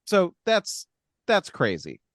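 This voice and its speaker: A man's voice: high-pitched, wildly swooping pitch, takes it slowly, no echo, studio quality. A man co-hosting a podcast, wryly recapping a movie in casual, profane chat full of fillers. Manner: wry, profane storytelling with many fillers. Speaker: podcast co-host.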